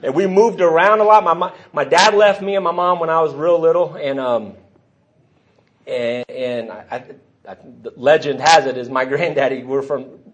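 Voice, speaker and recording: Brief: middle-aged man, slightly higher voice, rambling self-deprecating testimony at a meeting podium. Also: moderate pace. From Texas. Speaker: speaker at a recovery meeting. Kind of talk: personal testimony talk.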